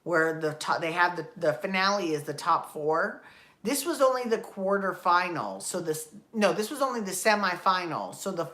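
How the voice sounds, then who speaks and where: Speaking at a normal speed, a woman hosts her podcast alone and chats in a wandering, casual way. Her lowish, fairly bright voice is expressive, and she curses freely while correcting herself.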